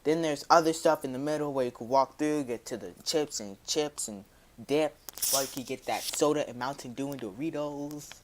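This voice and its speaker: A man telling a personal story to his viewers in a casual, slangy, rambling way, dropping his voice low for quoted asides. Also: normal speed, a little hiss or hum.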